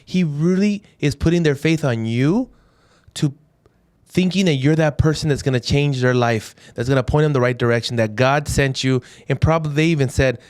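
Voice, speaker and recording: A man's voice: a little high, moderate pace, a little mellow, clear, resonant tone, no echo, clean studio sound. A man co-hosting a dental podcast, talking casually and animatedly retelling stories while quoting other people. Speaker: podcast co-host.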